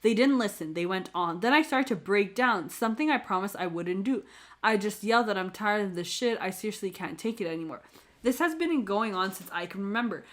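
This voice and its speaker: A woman's voice: mid-range voice, animated, a little fast. A woman co-hosting a casual podcast, reading stories aloud with occasional slips and self-correcting laughs. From Canada. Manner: reads aloud with slips and laughs at her own mispronunciations.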